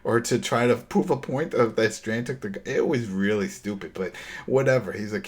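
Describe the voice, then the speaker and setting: A man co-hosts a podcast in casual chat, walking through an episode with lively storytelling. His voice sits fairly low and has a husky edge. He drops dry, sarcastic asides as he goes. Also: normal speed. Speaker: podcast co-host.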